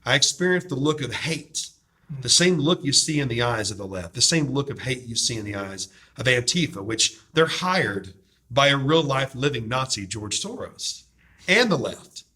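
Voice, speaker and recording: A man's voice: mid-range voice, very animated, moderate pace, sharp tone. Fervent preacher-like male host. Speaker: host promoting a DVD series. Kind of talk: impassioned discussion.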